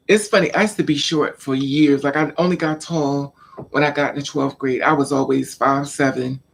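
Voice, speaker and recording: Vlogger, male, casual storyteller; animated, acts scenes out, repeats words for emphasis. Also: medium pitch, vocal fry, husky.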